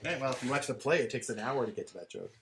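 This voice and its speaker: Middle-aged man, podcast co-host, rambling animated storyteller, casual swearing, mid-range voice. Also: mid-range voice, racing, slight background noise. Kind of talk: casual chat.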